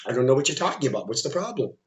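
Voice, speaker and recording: A man voicing a calm, unbothered male villain who feigns ignorance and brushes off threats. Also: medium pitch, very fast, lo-fi sound, pitched below the performer's own voice, natural voice. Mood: dismissive.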